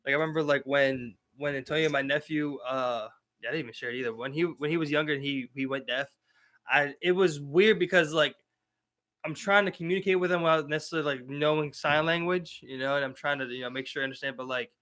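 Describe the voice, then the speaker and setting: A man's voice: fairly high pitch, fast, a bit bright. A man with a Baltimore accent co-hosting a podcast in casual banter, rambling and laughing often. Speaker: podcast co-host.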